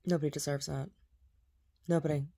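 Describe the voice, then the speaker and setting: A woman rants straight to camera in a low, deep voice. Her talk is blunt and heated, full of swearing and repeated outrage. It sounds like a casual home vlog. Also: level tone, brisk, dark tone. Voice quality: blunt, profane, agitated. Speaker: vlogger.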